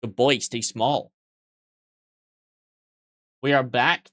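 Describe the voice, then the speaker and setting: A man's voice: mid-range voice, measured pace, long pauses, a bit bright, no room sound, clean studio sound. A man live-streaming and joking crudely with his chat, sleep-deprived yet weirdly awake, in a playful teasing manner.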